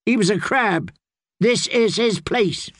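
A man's voice: high-pitched, takes it slowly, no room sound, studio quality, voice pushed up. A man voicing a stern, blunt woman knight who gives clipped commands, in an audiobook. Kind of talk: audiobook character voice.

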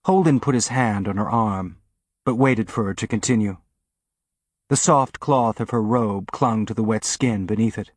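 A man narrating an audiobook in an even, steady reading style. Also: on the low side, normal speed, breathy edge, dry recording. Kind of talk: scripted narration.

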